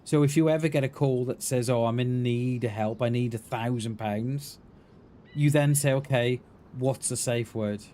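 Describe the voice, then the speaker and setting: A man with a dark, mid-range voice chats at a normal speed while streaming a game, with game audio clearly audible behind him. He rambles in a chummy way, calling his chat "mate" and "buddy."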